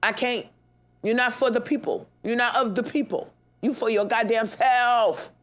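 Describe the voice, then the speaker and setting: A young adult woman hosting a podcast, ranting in a heated, profane monologue, swinging between loud outbursts and low grumbles and laughing through her words. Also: moderate pace. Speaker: podcast host.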